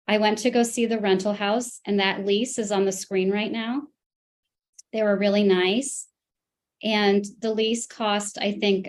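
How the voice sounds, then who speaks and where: A woman testifying in a custody case, telling events in a halting way with many restarts and fillers. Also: medium pitch. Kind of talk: court testimony.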